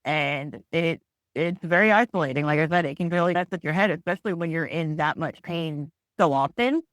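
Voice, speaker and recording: A woman's voice: low voice, a little fast, dry recording. A woman guest in a podcast interview, speaking candidly and reflectively with frequent restarts.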